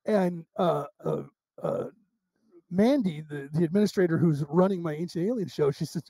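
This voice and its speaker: An American man talks as a guest in a casual interview, telling long, winding stories with plenty of restarts. His voice sits high but has a soft, mellow tone. The sound is close and dry, with no room echo. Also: normal speed. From United States. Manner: rambling, animated anecdotes with restarts.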